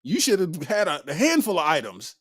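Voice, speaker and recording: A man's voice: a little high, wildly swooping pitch, brisk, fairly bright tone, no echo, studio quality. A man hosting a comedy podcast, riffing casually in heavy slang and laughing constantly between lines. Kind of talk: casual comedic chat reacting to viewer comments.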